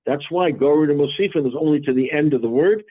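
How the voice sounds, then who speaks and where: A rabbi teaching a Talmud class, explaining patiently in halting speech with many restarts. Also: male voice, on the high side, husky, narrow, tinny audio.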